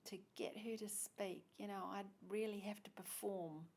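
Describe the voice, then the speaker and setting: A woman English teacher in a casual conversation. She is chatty and keeps answering with quick "yeah"s. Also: medium pitch, steady tone, darkish tone. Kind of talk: casual interview chat.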